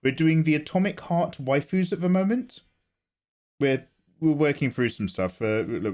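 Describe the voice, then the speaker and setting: Casting: english male streamer, lively sing-song delivery, chatty and self-mocking. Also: fairly high pitch, moderate pace. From England. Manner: chatty, greets viewers, self-deprecating jokes. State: sleepy, low energy. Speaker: livestream host, illustrator. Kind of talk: casual livestream chat.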